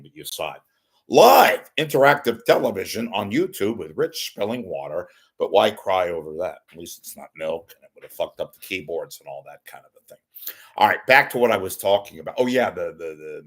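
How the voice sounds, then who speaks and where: Animated, rambling male talk host. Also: low voice, husky. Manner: animated, wisecracking, swings loud and quiet. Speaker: host of a live online talk show. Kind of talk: rambling solo commentary.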